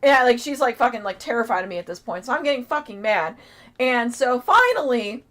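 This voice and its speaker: A woman co-hosting a casual convention review, telling a story in an animated way with lots of swearing. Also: fairly high pitch, fairly quick. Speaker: podcast co-host.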